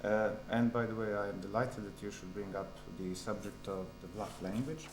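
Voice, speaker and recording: Brief: male doctoral candidate, hesitant, low voice, echoey room with a steady hum. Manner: hesitant, many filled pauses. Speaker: doctoral candidate defending his thesis. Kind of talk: formal academic answer.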